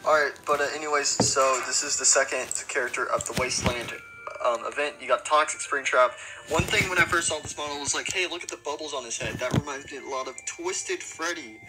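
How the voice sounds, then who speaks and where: A man's voice: mid-range voice, brisk, low-quality recording. A young man hosting a casual gaming video, rambling and joking with lots of fillers. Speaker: gaming YouTuber. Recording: background music.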